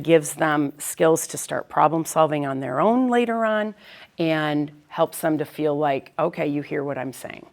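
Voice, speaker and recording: A middle-aged woman school counselor giving a practical, conversational talk to parents and often checking in with "right?". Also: low voice.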